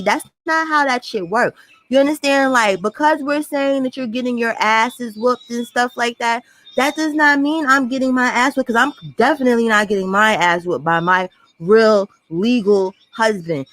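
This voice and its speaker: A woman's voice: fairly high pitch, fairly bright tone, no echo. Blunt, profane woman ranting. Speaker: commentary vlogger. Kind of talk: ranting reaction commentary.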